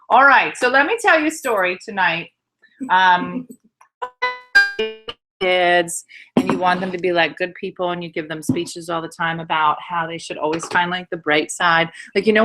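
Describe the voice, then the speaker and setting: A woman hosting a casual show tells a comic story to friends in a living room. Her voice is bright and sharp, and it swoops up and down as she rambles on with asides. The delivery is lively and chatty. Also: fairly low pitch. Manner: animated, rambling anecdote with asides. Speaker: comedian and show host. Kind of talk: comedic storytelling to friends over wine.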